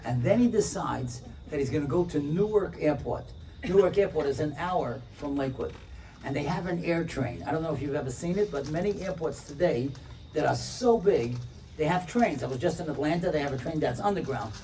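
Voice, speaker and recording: A man tells a story in an inspirational talk, switching into the voices of each character as he goes. His voice is mellow and sits slightly high for a man. He is picked up from a distance, with a faint room hum behind. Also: brisk. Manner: animated, acts out the characters' lines. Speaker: rabbi, speaker.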